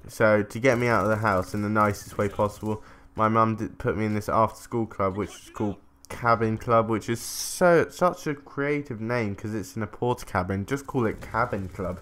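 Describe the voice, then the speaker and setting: A man's voice: fairly low pitch, moderate pace, few pauses, fairly bright tone. A man, telling a rambling story during casual gameplay commentary, swearing casually. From England. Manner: rambling, chatty, self-interrupting, swears casually. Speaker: gaming commentator.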